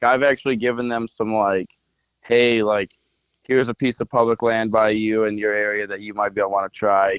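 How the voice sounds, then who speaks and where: A man's voice: on the low side, clear, resonant tone, no room sound, muffled recording. A man on a podcast, casually telling a long hunting story full of fillers. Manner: rambling storyteller, lots of "like" fillers. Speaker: podcast co-host.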